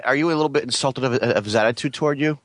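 A man's voice: medium pitch, very fast, no echo, clean studio sound. A man in casual chat who mostly chimes in with short agreeing remarks. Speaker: podcast co-host.

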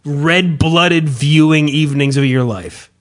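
A man's voice: a little high, a little slow. A man in his thirties, a podcast host in casual profane chat, mock-ranting. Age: 30s. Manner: animated, swearing, mock-ranting.

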